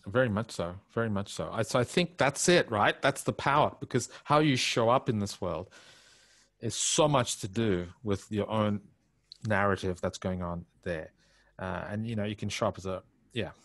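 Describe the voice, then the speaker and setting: A man in his fifties, a guest telling stories in a conversational interview, animated and quick to laugh. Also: fairly low pitch, no room sound. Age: 50s. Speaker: guest, communication coach.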